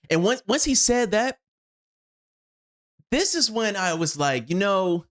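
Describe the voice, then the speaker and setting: Lively, animated storyteller on shotgun mic. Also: unhurried, pauses often. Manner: expressive, acts out own reactions, swings from loud to low. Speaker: video host. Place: home studio.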